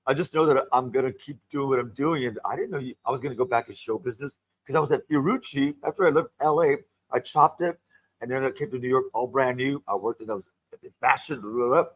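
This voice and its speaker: An older man, a guest performer, telling animated, gossipy show-business stories in casual chat and acting out the people he quotes. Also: medium pitch, fast talker, dry recording, rough recording. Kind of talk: casual storytelling. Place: radio studio.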